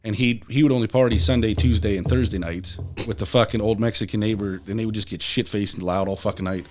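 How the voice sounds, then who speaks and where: A man's voice: on the low side, fairly even intonation, fast talker, noisy background. A young adult man, a podcast guest, telling rambling, profane stories in casual talk. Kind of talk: casual storytelling.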